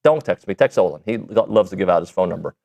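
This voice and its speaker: A man's voice: low voice, fast, gravelly. A man hosting a sports radio show, chatting casually with jokes and rambling asides. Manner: animated, joking, rambling.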